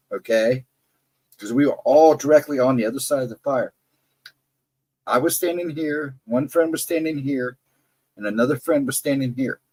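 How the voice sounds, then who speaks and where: A man's voice: mid-range voice, slightly rough, poor audio. A middle-aged man telling a personal encounter story in a casual, rambling way, correcting himself and adding asides. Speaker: storyteller on a live chat show.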